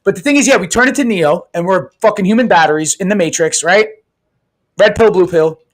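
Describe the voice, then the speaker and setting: A man's voice: sits high, a little fast. A man co-hosting a podcast in casual chat, talking emphatically with lots of swearing and often asking "right?" for agreement. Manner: animated, profane, emphatic, keeps asking "right?". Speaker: podcast co-host.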